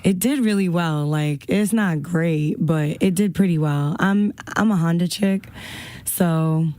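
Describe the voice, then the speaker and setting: A woman's voice: on the low side, measured pace, warm tone, no echo. A woman co-hosting a casual radio show, chatty and rambling with lots of fillers, a bit out of breath. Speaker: radio co-host. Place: radio studio.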